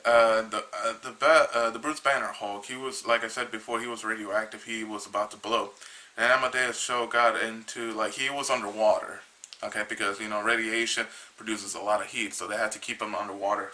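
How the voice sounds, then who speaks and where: A man casually retelling a comic book's story, rambling and halting with many restarts, a little tired. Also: on the low side, steady tone, sharp tone, low-quality recording. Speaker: comic book reviewer.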